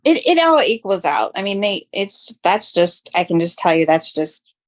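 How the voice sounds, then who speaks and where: Lively American woman, lowish voice. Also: normal speed. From Florida, United States. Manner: animated, laughs often, restarts. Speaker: podcast co-host. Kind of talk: casual chat.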